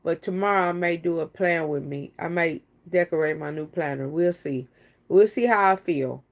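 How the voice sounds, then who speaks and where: A woman's voice: on the low side, normal speed, gravelly. A woman chatting casually on a live stream, teasing and talking straight to her viewers.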